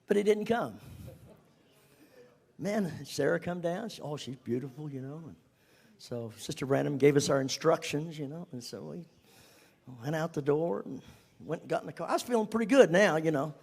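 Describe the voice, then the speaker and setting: An older man tells a personal story to a congregation in a high voice. He is animated and drops to a whisper for emphasis, then rises again. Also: normal speed, vocal fry, husky. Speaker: speaker giving a testimony.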